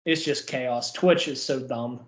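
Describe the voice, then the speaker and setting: A man's voice: mid-range voice, unhurried, echoey room. A young man co-hosting a podcast, chatting casually and rambling with lots of fillers. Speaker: podcast co-host. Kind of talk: casual chat.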